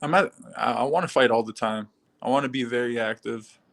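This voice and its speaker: A man's voice: medium pitch, fairly quick, gravelly. Laid-back young man. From Canada. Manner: easygoing, laid-back, with frequent soft laughs. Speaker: fighter being interviewed. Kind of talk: casual interview answers.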